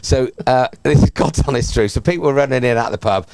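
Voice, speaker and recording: A man's voice: mid-range voice, fast, darkish tone. A man doing casual cricket commentary, chatty, with lots of rambling anecdotes and laughter.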